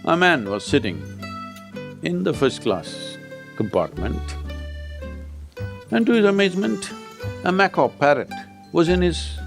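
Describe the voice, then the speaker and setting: Animated man teaching, faint music behind. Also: a little high. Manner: emphatic, prodding with rhetorical questions. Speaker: spiritual teacher. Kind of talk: public talk to an audience.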